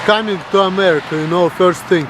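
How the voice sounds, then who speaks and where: Man, Russian accent, young, blunt profane rant, pitched a bit high, faint traffic behind. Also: steady tone, brisk. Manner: blunt, crude, mocking the voices of others. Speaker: vlogger.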